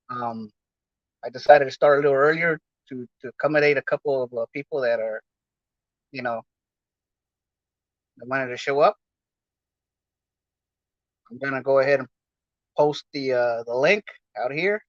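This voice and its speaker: A man's voice: mid-range voice, a bit bright, no room sound. A man from Los Angeles hosting his podcast in a casual, rambling, slangy chat full of fillers. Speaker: podcast host. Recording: dull lo-fi dry sound.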